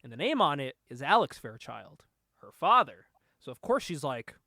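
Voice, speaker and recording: A young man co-hosting a casual show, excitedly retelling a movie plot, laughing often, swearing and acting out the lines. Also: on the high side, fast, no room sound, studio quality. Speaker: podcast co-host.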